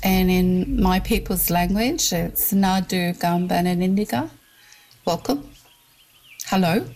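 A woman from Western New South Wales, speaking earnestly and deliberately as an interviewee. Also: on the low side, a little mellow, poor audio. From Western New South Wales, Australia.

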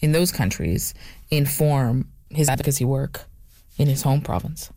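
A radio interviewer asking gentle, conversational questions. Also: mid-range voice, normal speed, no room sound.

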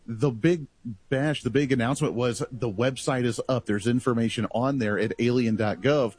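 A man talking in a casual political talk show, animated and rambling in long stretches. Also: mid-range voice, normal speed, slightly rough.

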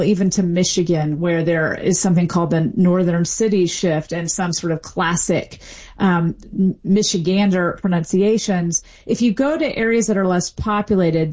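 A woman's voice: mid-range voice, a little mellow. Woman linguistics professor explaining. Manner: fluent explanatory, light laughs, small restarts. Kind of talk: expert radio interview.

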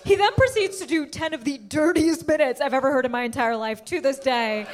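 A young woman doing a stand-up comedy set, telling a story with animated, excitable delivery and sudden high outbursts. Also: brisk.

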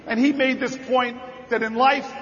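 A middle-aged man, a senator, giving a rousing convention speech, repeating phrases and building to shouted climaxes. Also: very high voice, steady tone, moderate pace. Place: large convention hall, indoors. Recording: dull, reverberant hall sound.

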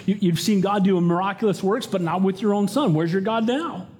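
A man's voice: high-pitched, brisk, darkish tone, close to an everyday voice. A man preaching voices the enemy as a mocking male spirit asking goading questions. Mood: taunting.

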